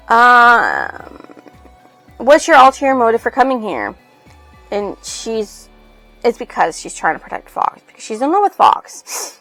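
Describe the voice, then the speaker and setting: Woman rambling thru a book recap, kinda creaky voice, faint music underneath. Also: mid-range voice, fairly bright tone, rough recording. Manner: rambling, loosely reads out quotes. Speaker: book reviewer.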